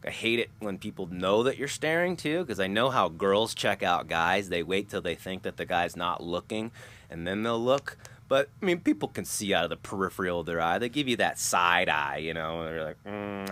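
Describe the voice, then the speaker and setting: Rambling low-voiced man vlogging. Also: animated, normal speed, bright, forceful tone. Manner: rambling, chuckling, loses his train of thought. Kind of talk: casual vlog monologue.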